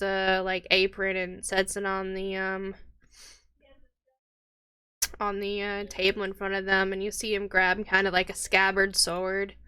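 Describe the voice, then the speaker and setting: A woman's voice: mid-range voice, bright, forceful tone, clean tone. A woman narrating as game master in a tabletop game, casual and chatty with many fillers.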